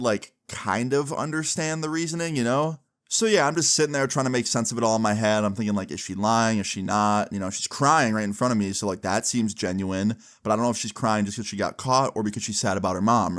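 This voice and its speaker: Young man, casual storytime, mid pitch, filler-heavy chatty delivery. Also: fairly bright tone.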